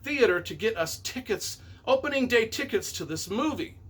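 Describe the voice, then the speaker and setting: A man's voice: high-pitched, expressive, moderate pace, a bit bright, husky. A middle-aged man, a novelist and movie reviewer, rambling enthusiastically and correcting himself as he counts down his favorite films on camera.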